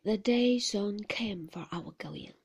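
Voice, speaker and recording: A woman reading a classic novel aloud in a soft, half-whispered voice. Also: mid-range voice, wildly swooping pitch, slow pace, slightly rough. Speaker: narrator. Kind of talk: storybook reading.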